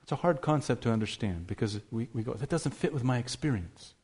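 A man's voice: mid-range voice, lively intonation, a little fast, a little mellow, breathy edge. A man preaching a sermon, emphatic, asking rhetorical questions and stressing key words.

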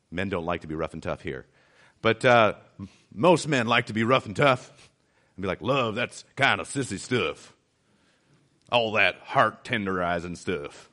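A man's voice: on the low side, a bit bright. A man giving a conversational sermon as a church pastor, driving his points home by repeating them. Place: city church.

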